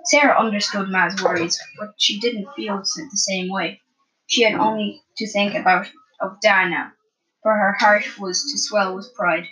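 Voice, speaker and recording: A woman's voice: mid-range voice, moderate pace, rough recording. Woman narrating an audiobook. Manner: steady storytelling with small restarts.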